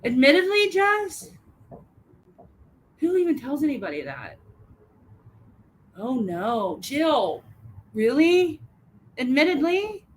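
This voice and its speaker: A woman co-hosting a casual live-stream chat, animated and teasing, laughing often. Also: high voice, slow, long pauses, a little hiss or hum, rough recording.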